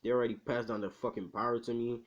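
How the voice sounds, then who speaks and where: A man's voice: mid-range voice, level tone, quick pace, highs cut off, lightly acted. A man doing a rude, swearing teenage hero. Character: brash foul-mouthed teenage boy hero. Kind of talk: casual retelling with quoted voices.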